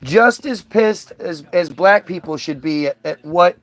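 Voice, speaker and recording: A man with a notably high voice for a man holds forth as a podcast host. His talk is loose and rambling, peppered with profanity and heavy emphasis. He sounds middle-aged and keeps pressing his point. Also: lively intonation, measured pace. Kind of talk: casual chat.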